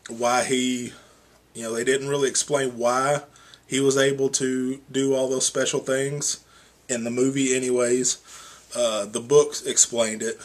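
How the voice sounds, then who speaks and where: Husky-voiced man rambling through a review. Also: medium pitch. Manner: rambling, filler-heavy, with many "you know" and "um". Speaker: movie reviewer. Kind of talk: casual spoken review.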